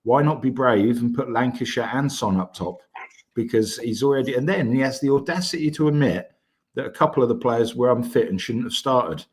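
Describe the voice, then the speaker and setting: A man's voice: medium pitch, a little fast, husky. A man from Bedfordshire co-hosting a football podcast, blunt, exasperated and crude. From Bedfordshire, England. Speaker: podcast co-host. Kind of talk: casual football podcast chat.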